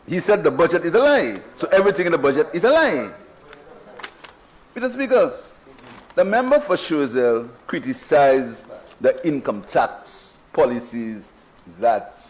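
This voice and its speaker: A man's voice: a little high, slight background noise, poor audio. A man with a Saint Lucian accent giving a rebuttal speech in a parliamentary debate, emphatic and mocking, often repeating his phrases. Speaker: prime minister in parliament. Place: parliament chamber.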